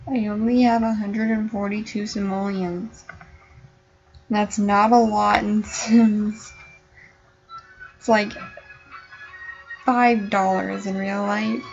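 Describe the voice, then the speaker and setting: A woman's voice: medium pitch, flat delivery, slow pace, long pauses, soft background music. A young woman casually commenting on a life-sim game she is playing, chatty and playfully voicing the characters. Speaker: gameplay vlogger. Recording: dull lo-fi home recording.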